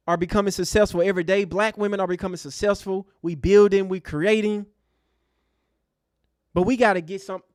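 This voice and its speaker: In clean studio sound with no room echo, a high-voiced man hosting an online show delivers an impassioned, preachy rant at his live chat. His tone is fiery throughout.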